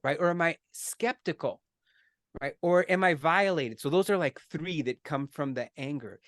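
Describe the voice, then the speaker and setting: A man's voice: a little high, moderate pace, fairly bright tone, no echo, studio quality. A middle-aged man giving an earnest, conversational explanation as a podcast guest, often checking in with "right?" and restarting his words.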